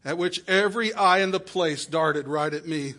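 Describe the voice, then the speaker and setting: A man with a high voice preaches through an emotional story told in the first person. His delivery swings between soft, pleading passages and loud exclamations. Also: moderate pace. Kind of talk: sermon storytelling.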